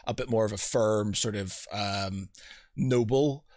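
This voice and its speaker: A man's voice: lowish voice, unhurried, a little mellow, no echo, studio quality. A man hosting a casual podcast chat, rambling with many fillers, restarts and lost names. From United Kingdom. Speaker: podcast host.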